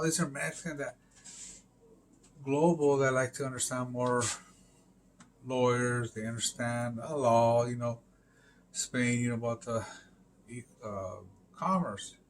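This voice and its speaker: A man's voice: mid-range voice, unhurried, long pauses, a little hiss or hum. A man rambling through a casual monologue on a live stream, full of fillers, swearing and emphatic interjections.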